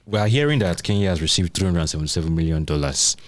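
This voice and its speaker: A man's voice: low voice, animated, very fast. A man hosting a tech podcast, asking questions in a casual, playful conversational way. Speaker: podcast host.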